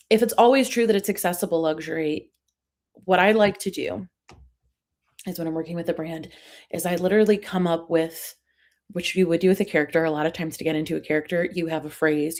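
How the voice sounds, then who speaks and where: Animated woman with a Long Island accent. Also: medium pitch. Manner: animated, laughs often, self-deprecating. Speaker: guest, comedian and brand strategist. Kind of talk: casual podcast conversation.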